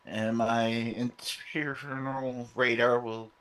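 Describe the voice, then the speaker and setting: A man's voice: mid-range voice, level tone, very slow, fairly bright tone. A man chats casually as a player at a tabletop role-playing game. He talks unhurriedly, drawling his words at a leisurely pace.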